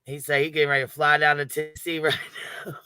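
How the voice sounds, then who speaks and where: A man's voice: on the high side, flat delivery, quick pace, sharp tone. A man hosting a livestream panel in casual chat, brash and profane and laughing often.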